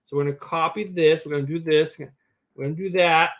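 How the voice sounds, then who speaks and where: A man co-hosting a casual livestream chat, talking in animated, defensive bursts that jump to loud exclaiming. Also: on the high side, a little fast. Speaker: co-host.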